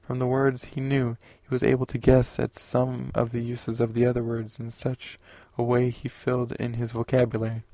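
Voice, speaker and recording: A man narrating a science fiction audiobook in a steady, unhurried way. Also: mid-range voice, no room sound.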